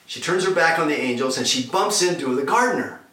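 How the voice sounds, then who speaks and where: A male pastor preaching a sermon and retelling scripture as an animated story, heard from a distance in an echoey room. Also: fairly high pitch, a little fast.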